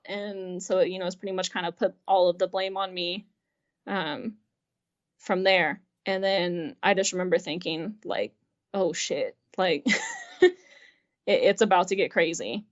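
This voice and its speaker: A woman guest tells a personal story in casual conversation, chatty and packed with fillers, acting out remembered dialogue and laughing often. Her voice is on the low side and a little slow, with lo-fi sound.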